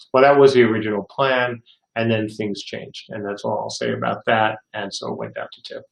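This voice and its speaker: An older man who heads a game studio hosts a casual livestream Q&A, reading viewer questions aloud and answering with rambling anecdotes. His voice is fairly low, gravelly, and steady in tone, and he talks fairly quickly. The recording has a roomy echo.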